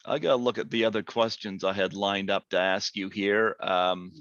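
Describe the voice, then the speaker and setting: A man hosting a casual interview, chatty and quick to laugh, with lots of fillers. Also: lowish voice, fairly even intonation, fairly bright tone, no echo. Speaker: podcast host. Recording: dull lo-fi dry sound.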